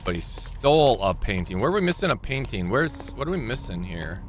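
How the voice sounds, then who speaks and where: A man's voice: mid-range voice, big pitch swings, fairly quick, a little hiss or hum. A young man streaming a game live, thinking aloud and rambling as he corrects himself mid-thought. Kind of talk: live gameplay commentary.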